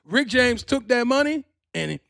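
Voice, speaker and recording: A man hosting a podcast, telling gossip stories in a profane, rambling, animated way. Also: extremely high pitch, measured pace, vocal fry, no room sound, clean studio sound. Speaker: podcast host. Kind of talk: casual storytelling monologue.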